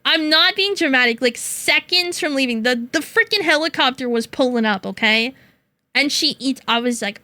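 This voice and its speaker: A young woman streams and chats casually, venting animatedly to her viewers. Her voice sits high and bright. The sound is dry and close, with no room echo. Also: moderate pace. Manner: animated venting, swearing and laughing.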